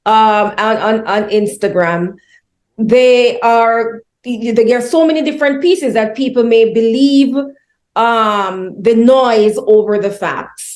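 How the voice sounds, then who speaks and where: A woman's voice: on the high side, slow pace, a little mellow, echoey room. A woman interviewer asking long questions in a hesitant way, full of fillers. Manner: hesitant, filler-heavy phrasing.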